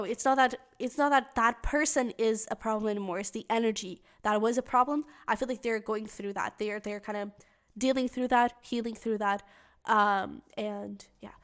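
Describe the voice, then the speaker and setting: Woman tarot reader, a little high-pitched, chatty and earnest, talks straight to camera. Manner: earnest and emotionally invested, speaks directly to the viewer; chatty, thinks aloud while reading the cards. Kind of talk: pick-a-card tarot reading to viewers.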